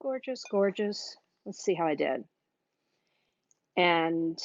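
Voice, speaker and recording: A chatty woman hosts a live cooking stream and gushes to her viewers as she tastes and talks. The sound is dry and a bit dull, like lo-fi stream audio. Her pitch sits in an ordinary middle range. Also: lively intonation, measured pace, dry recording. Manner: chatty and gushing, addresses viewers directly. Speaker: cooking class host. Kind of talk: live cooking demo chat.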